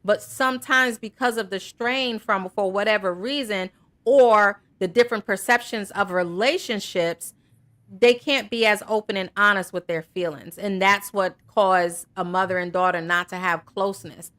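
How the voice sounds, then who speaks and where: Bright-voiced woman host. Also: medium pitch, normal speed. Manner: earnest, encouraging, repeats "right?". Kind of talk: casual talk show conversation.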